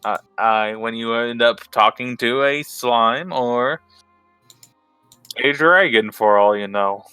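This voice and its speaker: A man narrating as game master, halting and thinking aloud as he explains a plan. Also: medium pitch, sharp tone, clear, resonant tone, no echo, soft background music.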